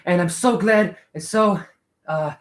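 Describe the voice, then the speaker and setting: A man putting on an impression of a cheerful young male superhero, fumbling a put-on accent in a hurried, eager delivery. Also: high-pitched, echoey room.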